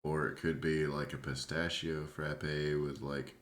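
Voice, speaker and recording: A man's voice: very deep voice, little pitch movement, a little slow, a bit bright. A tipsy man co-hosting a podcast, chatting casually in a rambling, laid-back way and swearing freely. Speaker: podcast co-host. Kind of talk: casual chat. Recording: roomy echo.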